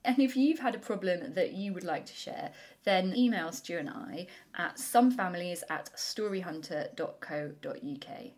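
A woman's voice: fairly low pitch, animated, normal speed, few pauses, a little mellow. A woman in her thirties from the UK co-hosting a podcast, chatty, frank and supportive. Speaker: podcast co-host. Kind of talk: casual podcast chat.

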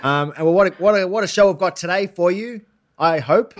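A man's voice: high voice, fairly quick. Rambling Australian man hosting. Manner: rambling, playful, with many fillers and restarts. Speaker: podcast host. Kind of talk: casual podcast chat.

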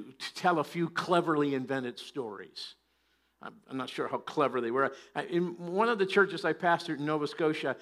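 A man pastor giving a sermon, telling a humorous story in a halting way with many restarts. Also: a little high, a bit bright. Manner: halting, repeats words as he restarts.

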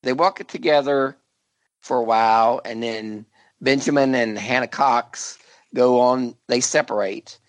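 A man hosting a podcast, telling a true crime case in a casual, jokey way with frequent laughs and halting restarts. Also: medium pitch, no echo. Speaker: podcast host.

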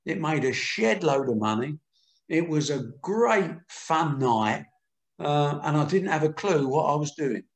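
A man's voice: on the high side, animated, measured pace, echoey room. An older man telling candid, earthy stories as a guest in an interview. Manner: candid, earthy, acts out quotes. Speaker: boxing promoter. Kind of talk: anecdotal interview storytelling.

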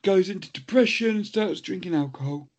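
A man's voice: sits high, expressive, a little fast, darkish tone. A man, co-hosting a podcast and trading silly jokes in casual chat. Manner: silly, jokey banter. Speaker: podcast co-host. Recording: dull lo-fi audio.

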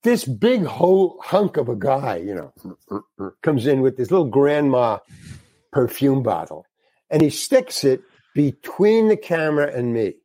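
An older man, a guest actor, telling an animated story and swearing freely as he acts out the other people in it. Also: medium pitch, measured pace, dry recording. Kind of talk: anecdotal storytelling.

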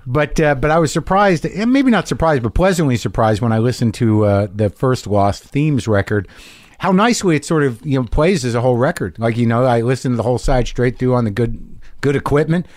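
A man's voice: medium pitch, lively intonation, brisk, a little mellow, no echo, clean studio sound. A middle-aged man hosting a podcast, chatting loosely with lots of fillers and swearing. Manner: loose, profane, rambling with fillers. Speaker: podcast host. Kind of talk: casual podcast chat and ad read.

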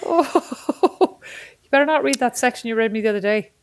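A woman's voice: a little high, racing. A woman in her forties co-hosting a podcast, chatting and rambling with mock indignation. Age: 40s. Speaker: podcast co-host. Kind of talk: casual chat.

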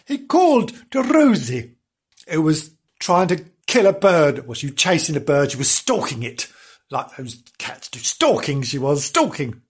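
Woman storyteller, mock bedtime story, rambling asides, husky, swooping pitch. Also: sing-song, a little slow. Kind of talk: mock children's story narration.

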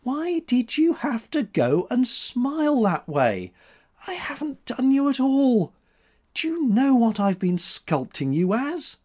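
A headstrong young woman sculptor teases and scolds in a raised, swooping voice, as a male reader puts her on. Her lines come slowly, with big leaps of pitch. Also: big pitch swings, darkish tone, full character voice. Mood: exasperated. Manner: teasing, quick-tempered, higher voice.

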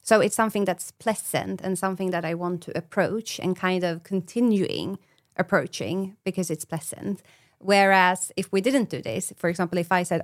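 A woman's voice: on the low side, moderate pace, no room sound, studio quality. A woman, a brain specialist explaining ideas in a podcast interview and acting out little example dialogues.

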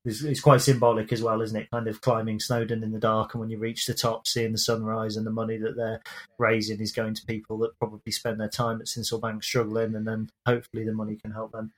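A man's voice: lowish voice, monotone, fast talker. A man co-hosting a casual football fan podcast, rambling and self-deprecating with many fillers. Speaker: podcast co-host. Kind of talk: casual chat.

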